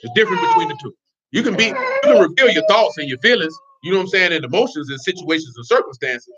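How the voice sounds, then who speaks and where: A man's voice: sits high, wildly swooping pitch, quick pace, heavy background noise. A man giving informal, blunt religious teaching in streetwise slang, with laughing asides. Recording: dull lo-fi recording.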